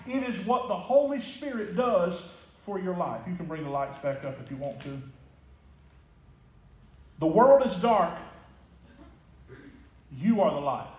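A man preaching a sermon as pastor, swinging between hushed, intimate lines and loud, ringing calls. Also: high voice, big pitch swings, unhurried, pauses often. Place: church sanctuary. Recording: echoey church hall with music behind. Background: music.

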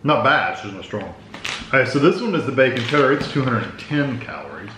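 Brief: mid-pitched man, relaxed taste-test co-host, roomy sound with faint noise. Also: fast talker. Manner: relaxed, plain-spoken, with fillers. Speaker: co-reviewer. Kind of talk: casual taste-test chat.

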